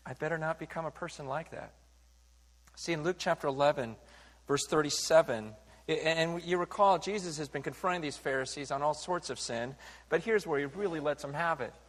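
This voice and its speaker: Animated high-voiced male preacher in a hall. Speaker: pastor. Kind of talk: sermon. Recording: reverberant hall sound.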